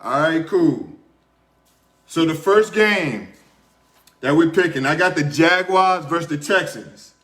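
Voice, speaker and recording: A man's voice: fairly high pitch, lively intonation, takes it slowly, long pauses, a bit bright. A young man hosting his show in a small room, telling a casual story and then going over his sports picks, chatty and repeating himself as he talks to viewers. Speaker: podcast host. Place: small room under hot studio lights.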